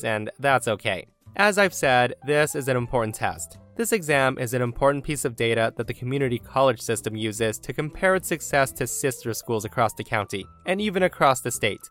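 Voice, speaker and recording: A man's voice: mid-range voice, fairly bright tone. A man hosting a podcast, reading forum stories aloud in an upbeat, chatty way and calling his listeners guys. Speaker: podcast host and story narrator.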